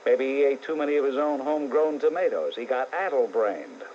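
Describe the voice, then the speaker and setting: A man's voice: medium pitch, animated, a little fast, a little hiss or hum. A middle-aged man with a New York accent hosting a call-in talk radio show, blunt and sarcastic, ranting at callers and listeners. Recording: muffled old AM radio tape.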